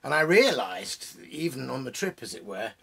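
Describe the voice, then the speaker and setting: Guy rambling about a poem, lots of ums and restarts, rough gravelly voice. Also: medium pitch, very animated, moderate pace, sharp tone, slight background noise. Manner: rambling, digressive, many fillers and restarts. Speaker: poet and host. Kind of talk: casual spoken talk on poetry. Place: indoors, at home among bookshelves.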